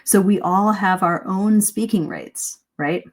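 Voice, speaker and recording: A woman teaching English speaking in a live online lesson, lively and demonstrative, asking her listeners questions. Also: medium pitch, slow pace.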